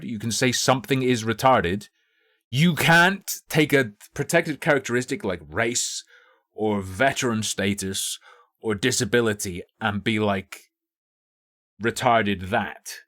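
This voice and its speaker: A man's voice: mid-range voice, fairly bright tone, dry recording, clean studio sound. A man streaming live, chatting casually and thinking aloud in a rambling, profane way. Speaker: livestreamer.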